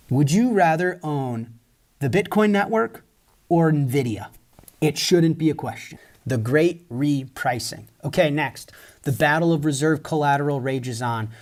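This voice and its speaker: A man giving animated, emphatic commentary to viewers, mocking others, acting out their quotes and swearing casually. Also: medium pitch.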